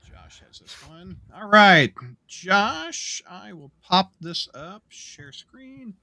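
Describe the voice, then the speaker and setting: Bright, high-voiced podcast host. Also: male voice, big pitch swings, slow, vocal fry. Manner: upbeat, moves the discussion along. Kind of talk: casual podcast hosting.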